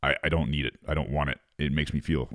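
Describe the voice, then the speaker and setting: A man's voice: extremely low pitch, steady tone, fast talker, a bit bright, dry recording, studio quality. A man, a former Marine, reading an article aloud and ranting over it in a profane, sarcastic casual monologue.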